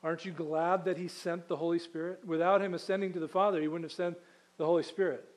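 A man preaching a sermon conversationally, asking rhetorical questions and slowing down to read scripture aloud. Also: on the high side, level tone.

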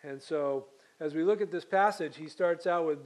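A man pastor preaching a conversational sermon, pausing to quiz the congregation and correcting himself as he goes. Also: fairly high pitch, darkish tone. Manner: self-correcting, many fillers and restarts.

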